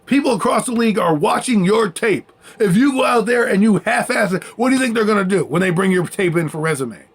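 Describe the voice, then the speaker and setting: A man's voice: high-pitched, animated, brisk, breathy edge. A man ranting as a sports commentator, heated and sarcastic, mocking and repeating his points for emphasis. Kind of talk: fired-up sports rant.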